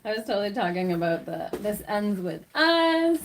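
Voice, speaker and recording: A woman's voice: medium pitch, big pitch swings, normal speed, slight background noise. A woman chatting casually on a live stream from home, rambling with lots of fillers and frequent laughs. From Canada.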